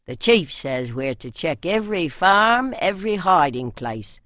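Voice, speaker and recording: A woman reader puts on a gruff male warrior from the north, loud and contemptuous. He barks his lines with rough scorn. The storybook recording is dry and close. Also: fairly low pitch, big pitch swings, unhurried, no echo. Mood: scornful.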